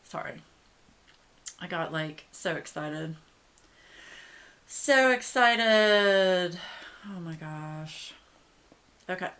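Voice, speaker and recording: Slow, bright-voiced woman in her forties. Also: deep voice, level tone. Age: 40s. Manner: chatty, gushing, addresses viewers directly. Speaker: coloring channel host. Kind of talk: casual chat while coloring.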